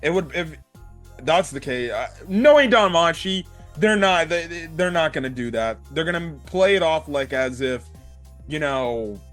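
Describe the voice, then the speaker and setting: A young man giving a casual, excitable anime review, laughing and using slang as he retells scenes. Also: a little high, a little slow, soft background music.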